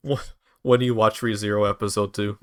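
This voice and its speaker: A man's voice: on the low side, level tone, fairly quick, clean tone, dry recording, clean studio sound. A young man streaming a game, chatting casually with a friend, swearing and laughing easily. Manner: laid-back, swears casually, laughs often. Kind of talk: casual chat while gaming.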